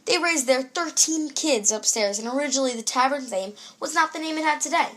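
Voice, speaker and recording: A woman's voice: high voice, lively intonation, brisk, fairly bright tone. A young woman presenting a scripted food show in an upbeat, read-aloud presenter tone.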